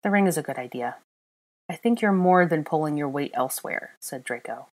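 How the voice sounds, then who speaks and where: A woman's voice: low voice, lively intonation, brisk. A woman reading fan fiction aloud in an unedited home recording, narrating and speaking the dialogue with small shifts for each character. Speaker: audiobook reader.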